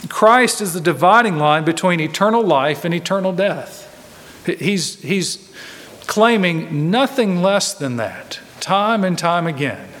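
A man preaching in an earnest, emphatic way, leaning on repetition to drive each point. His voice sits a little higher than most men's. It rings with the long reverb of a large hall. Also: fairly bright tone. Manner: earnest, emphatic, repeats phrases for stress. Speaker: pastor. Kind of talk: expository sermon.

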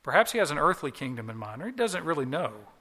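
Emphatic preacher with a bright voice. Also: male voice, fairly high pitch, very animated, fast, breathy edge, long reverb tail. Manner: earnest, emphatic preaching with repetitions. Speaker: pastor. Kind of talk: sermon. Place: church.

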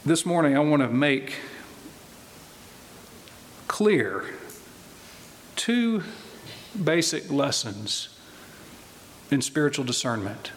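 A man preaching a sermon in a slow, deliberate way, pressing his points with emphatic repetition. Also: on the high side, expressive, a little hiss or hum. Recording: long reverb of a large hall.

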